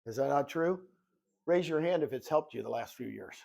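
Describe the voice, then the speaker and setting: A man's voice: fairly high pitch, normal speed, creaky. A man in his sixties coaching real estate agents in a live presentation, a self-described goofball who acts out conversations as he tells stories. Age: 60s. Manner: animated storytelling, acts out dialogue.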